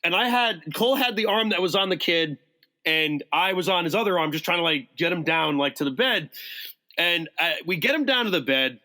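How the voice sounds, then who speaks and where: A man, a podcast guest, telling a rowdy story in casual chat, animated and profane, acting out the quotes. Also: high-pitched, brisk.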